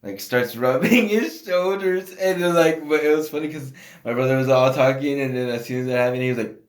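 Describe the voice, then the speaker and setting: A man's voice: mid-range voice, brisk. A man co-hosting a casual podcast, telling a story in a laid-back, rambling way with many fillers, recorded on a phone in a home studio. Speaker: podcast co-host. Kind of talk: casual chat. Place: house used as a home studio.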